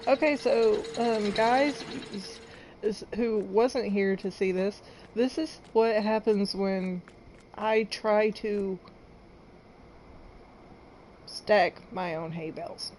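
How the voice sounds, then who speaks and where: A woman's voice: mid-range voice, slow pace, long pauses, a little mellow, slight background noise, rough recording. A woman streaming a farming game, chatting casually and rambling to her viewers. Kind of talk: casual live-stream chat while playing.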